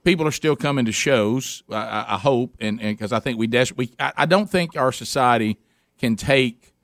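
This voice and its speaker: A man's voice: mid-range voice, normal speed, a bit bright, no echo. Eager male interview host. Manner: eager, repeats words as he gets going. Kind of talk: casual interview chat.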